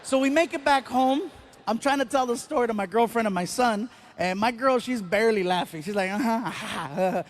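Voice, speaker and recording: A man's voice: very high voice, brisk, slight background noise. A middle-aged man doing stand-up comedy on stage, telling stories animatedly and acting out the people in them. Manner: animated, acts out characters in his stories.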